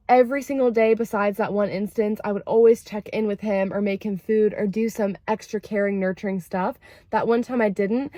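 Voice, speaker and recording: A young woman chatting casually to camera about therapy, lively and expressive, acting out quoted lines with big jumps in pitch. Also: no room sound. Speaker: vlogger sharing therapy insights.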